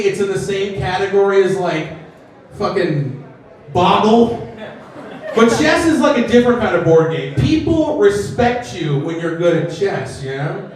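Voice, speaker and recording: A male stand-up comedian with a slightly high voice, talking in a self-deprecating way and slipping into characters as he acts out bits. The sound is very echoey and he is set back from the mic, like a live stage. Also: far from the mic.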